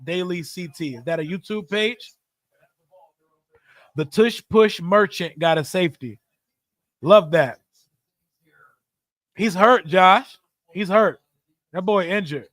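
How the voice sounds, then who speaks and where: Young male streamer, high voice, dry close mic, hyped live game reactions with loud outbursts and mumbled asides. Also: takes it slowly, pauses often, dry recording. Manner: hyped, talkative, loud swings between shouting and mumbling. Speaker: streamer hosting a live watch party. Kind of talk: live sports reaction stream, reading chat.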